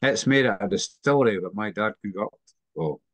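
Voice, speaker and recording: A man's voice: on the low side, animated, a little fast, no echo. A man from Scotland with a Scottish accent, easygoing and agreeable in a casual chat. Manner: easygoing, agreeable, short replies.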